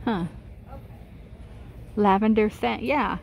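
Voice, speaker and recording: A woman's voice: mid-range voice, a little slow, highs cut off, slight background noise. A woman vlogging a casual shopping walkthrough in a big store, chatting about prices and gushing over cute items as she films on her phone. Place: inside a large retail store.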